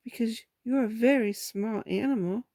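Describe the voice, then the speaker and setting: A woman voicing a gentle, simple-minded bear in a storybook reading, slow and earnest as he thinks things out. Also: a little high, no echo, studio quality, pitched above the performer's own voice, lightly acted. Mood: thoughtful. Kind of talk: storybook read-aloud.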